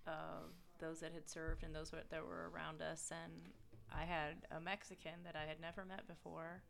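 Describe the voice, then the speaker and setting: A woman's voice: sits low, vocal fry, a bit bright. A woman guest in a casual interview, telling stories in an earnest, heartfelt way.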